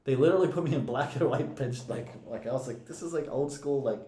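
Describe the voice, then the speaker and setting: A man's voice: mid-range voice, quick pace, mellow. A young man and podcast co-host casually telling a story, profane and often laughing. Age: young adult. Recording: echoey room.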